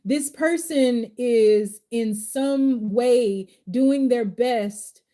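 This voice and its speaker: A woman's voice: fairly high pitch, drawn-out words, dark tone. A woman who is a tarot reader and life coach, giving a live tarot reading in casual, slangy, heartfelt talk.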